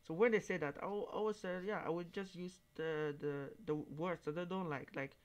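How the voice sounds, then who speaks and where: Man, reaction host; halting, word-searching English, turns emphatic. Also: a little high, steady tone. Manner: halting, searching for words, then emphatic and raised when quoting others. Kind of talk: casual monologue commentary.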